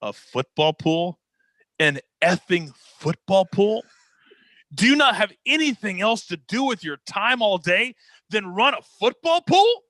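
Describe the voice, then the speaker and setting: A man's voice: medium pitch, expressive, slow, sharp tone, dry recording, voice pushed down. A man acting out an explosive, crude older male boss who bellows in disbelief. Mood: incredulous outrage.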